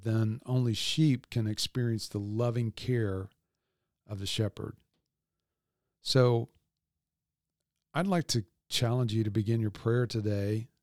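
Slow, calm male devotional speaker. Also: on the low side, dry recording, studio quality. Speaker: devotional podcast host. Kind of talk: devotional teaching.

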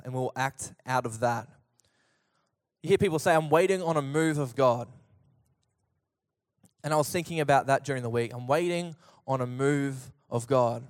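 A young man preaching a sermon as pastor, telling stories with lively acted-out voices. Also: medium pitch. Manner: animated storytelling preacher, acts out voices in anecdotes. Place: church auditorium. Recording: long reverb of a church hall.

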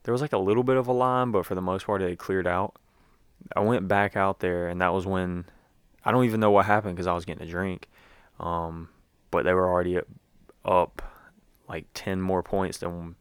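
A man's voice: low-pitched, fairly even intonation, normal speed, clean tone, dry recording. A young man giving a rambling, casual recap as a sports fan, with lots of fillers and restarts.

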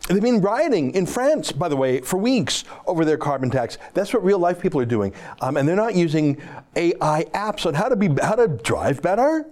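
A man's voice: on the high side, a little mellow. A man hosting an opinionated political monologue, talking in a sarcastic, mocking and emphatic way. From Canada. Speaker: political commentator host.

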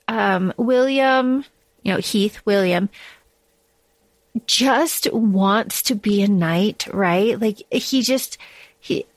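A woman's voice: fairly high pitch, no room sound. Chatty woman on a dry podcast mic. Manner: rambling, many restarts and fillers. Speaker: podcast co-host. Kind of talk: casual chat.

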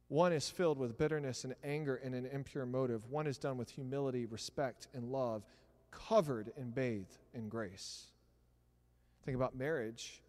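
A middle-aged man preaching a sermon in a church, talking conversationally with animated asides. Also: medium pitch. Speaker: pastor. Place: church sanctuary. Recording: long hall reverb.

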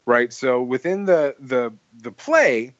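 A man's voice: medium pitch, lively intonation, slow pace, fairly bright tone, no echo, highs cut off. A man hosting a casual podcast chat, telling long stories with lots of fillers and restarts. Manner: rambling, full of "like" and restarts, laughs while telling stories. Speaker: podcast host.

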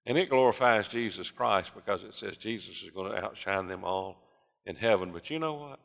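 Older preacher in a reverberant church hall. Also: male voice, lowish voice, expressive, moderate pace, vocal fry, fairly bright tone, lo-fi sound. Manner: preaching with rising fervor, voicing listeners' objections. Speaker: pastor. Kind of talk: sermon. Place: church sanctuary.

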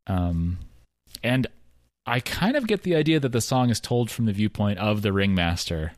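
A man's voice: on the low side, big pitch swings, normal speed, no room sound, clean studio sound. A man co-hosting a casual podcast chat, loose and laid-back, reviewing songs. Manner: laid-back, loose, reads lyrics aloud. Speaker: podcast co-host.

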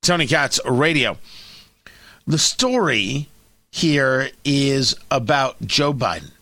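A man's voice: medium pitch, big pitch swings, slow pace, pushed and bright, no echo. A man hosting a talk radio show, delivering sarcastic, mocking opinion commentary.

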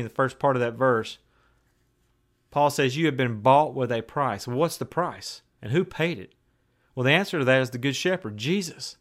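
Emphatic male preacher, mid-pitched voice. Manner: emphatic, swinging between raised declarations and hushed, slow asides; conversational, with plain everyday phrases. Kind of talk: sermon.

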